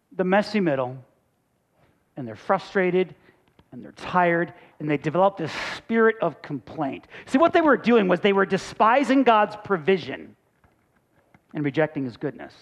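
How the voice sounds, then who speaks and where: A male pastor preaching a sermon in a conversational way, full of rhetorical questions, on a dull lo-fi recording. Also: high-pitched.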